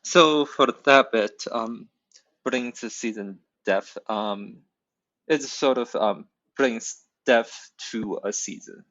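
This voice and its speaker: A man who is not a native English speaker, talking hesitantly with many pauses and fillers about his own poem. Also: medium pitch, a bit bright, no room sound, highs cut off. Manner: hesitant, many ums, thoughtful. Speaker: poet in a workshop. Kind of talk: casual discussion.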